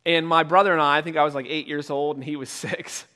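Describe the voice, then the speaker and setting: Talking fast in a steady tone, a male pastor with a high voice preaches to his congregation amid the long reverb of a church sanctuary. He keeps things conversational but shouts loudly when he acts out stories.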